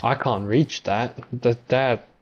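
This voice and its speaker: A man giving gameplay commentary, reacting loudly and talking to the creatures he meets on screen. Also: mid-range voice, fairly even intonation, takes it slowly, dull audio. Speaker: gameplay streamer.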